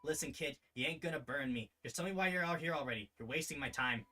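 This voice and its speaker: Brief: brash half-oni woman, played by a man, drawling, dismissive, fast and bright. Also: fairly high pitch. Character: cocky half-oni woman, blunt and rough.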